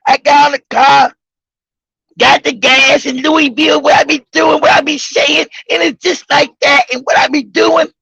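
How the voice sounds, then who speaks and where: A man's voice: extremely high pitch, flat delivery, normal speed, creaky, bright, forceful tone, no echo, heavily acted. A man mimicking a rambling, evasive young woman who repeats herself in a whiny, mumbling way. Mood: defensive. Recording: dull lo-fi recording.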